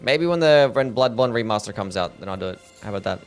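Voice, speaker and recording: A man's voice: lowish voice, fast, faint music behind. A young Australian man streaming a game, chatting casually with viewers and often trailing off unsure. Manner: relaxed, mumbly, answers chat questions, trails off with "I don't know". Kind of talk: casual gaming stream chat.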